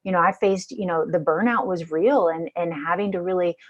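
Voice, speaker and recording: A middle-aged woman host telling her own story in an earnest, animated way during a conversational interview. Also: fairly low pitch, fairly quick, highs cut off. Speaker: podcast host.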